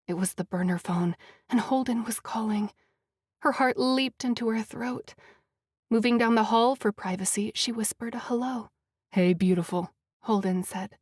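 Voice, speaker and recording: A woman author narrating her own romance audiobook. She reads in an even, clear storytelling way into a close mic. The sound is dry with no room around it. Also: medium pitch, dry recording.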